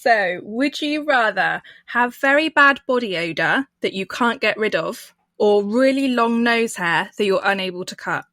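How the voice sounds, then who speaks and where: A woman's voice: a little high, lively intonation, unhurried, few pauses, pushed and bright, no room sound, studio quality. A woman with a posh English accent hosting a podcast interview, asking questions and laughing often. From England. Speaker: podcast host. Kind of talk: casual interview.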